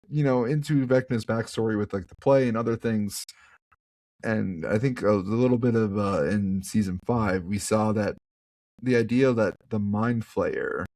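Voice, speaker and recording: A man's voice: lowish voice, dry recording. A man co-hosting a podcast, musing through theories in a hedging, casual way. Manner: lively, musing, hedging speculation. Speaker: podcast co-host. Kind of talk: casual chat.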